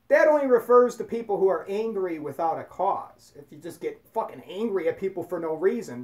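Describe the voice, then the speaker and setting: A host giving casual spoken commentary in a blunt, profane, rambling way. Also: medium pitch. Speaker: video host.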